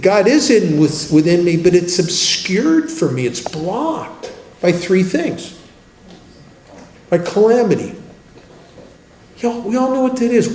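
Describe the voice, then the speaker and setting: A man giving a twelve-step workshop talk, telling stories in a wry, joking, conversational way and dropping to a hush for emphasis. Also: on the high side. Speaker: recovery workshop speaker. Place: meeting hall. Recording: roomy hall with faint noise.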